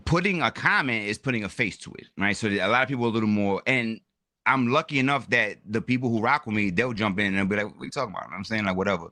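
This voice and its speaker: A man chatting casually as a guest creator on a toy livestream, animated and full of "my brother" and "you know what I'm saying". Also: fairly low pitch, fast talker, no room sound, clean studio sound.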